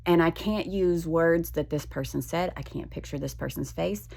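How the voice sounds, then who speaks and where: A woman talking frankly in a personal vlog, venting with blunt swearing and halting restarts. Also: low voice, vocal fry, darkish tone. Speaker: vlogger.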